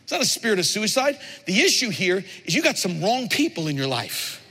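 A man voicing God as a calm father who gently corrects and reassures. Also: high voice, a little fast, husky, full character voice. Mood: reassuring. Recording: long reverb of a large hall.

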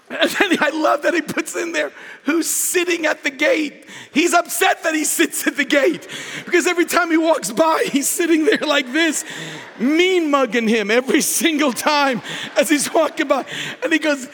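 A man preaching a sermon, telling a scripture story with lively asides and raised, shouted lines. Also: very high voice, normal speed, a faint crowd. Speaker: pastor. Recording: echoey hall with long reverb.

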